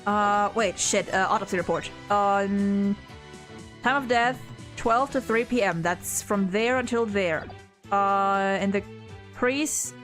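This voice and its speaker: A German-born woman streaming a courtroom game, thinking aloud with excitable outbursts and stumbling restarts. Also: fairly high pitch. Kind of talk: let's-play commentary.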